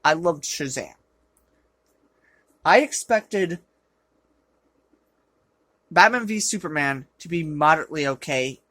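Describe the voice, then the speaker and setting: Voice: mid-range voice, no echo. Exasperated, sarcastic movie reviewer. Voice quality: self-described rough voice. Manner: exasperated and sarcastic, with loud outbursts. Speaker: film reviewer. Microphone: low-quality camera.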